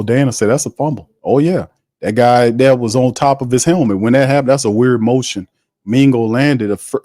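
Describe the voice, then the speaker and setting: Excitable man calling plays, dry sound. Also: medium pitch, dry recording. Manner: excitable, casual slang, laughs often, chats with viewers. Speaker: watch party host. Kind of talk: live play-by-play commentary on a stream.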